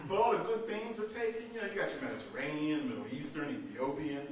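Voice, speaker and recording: High-voiced stand-up comic in an echoey theater. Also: male voice, lively intonation, fast. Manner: conversational, laughing through punchlines. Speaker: stand-up comedian. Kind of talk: stand-up comedy set. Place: small theater stage with audience. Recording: roomy echoey far-off amateur recording with loud noise.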